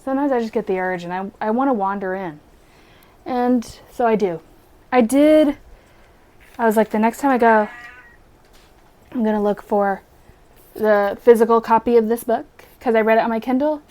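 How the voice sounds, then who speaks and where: A woman's voice: fairly high pitch, moderate pace, darkish tone. Rambling young woman with a Southern accent. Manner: rambling, self-deprecating, restarts sentences. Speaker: vlogger. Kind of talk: casual chatty vlog narration.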